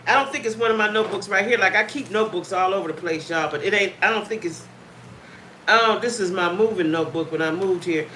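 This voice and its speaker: A woman's voice: medium pitch, fast, sharp tone, a little hiss or hum. A woman hosting a casual live stream from home, chatting with viewers, greeting them by name and repeating herself a lot. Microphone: phone or webcam.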